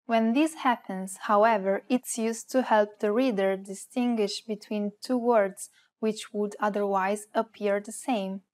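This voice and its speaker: A woman co-hosting a beginner language lesson, reading her parts clearly and carefully. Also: medium pitch, steady tone, measured pace, darkish tone. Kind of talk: scripted lesson with example words.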